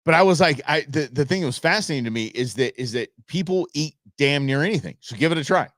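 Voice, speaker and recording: Host, middle-aged man from Southern California; bouncy, expressive delivery, casual storytelling. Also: on the high side, fast, dry recording, studio quality. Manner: animated, exclamatory storyteller. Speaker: show host.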